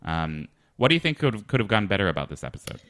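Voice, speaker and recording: A man hosting a comedy podcast, interviewing a guest in a halting, awkward way with many restarts. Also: on the low side, very animated, a bit bright, no room sound, clean studio sound. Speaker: podcast host.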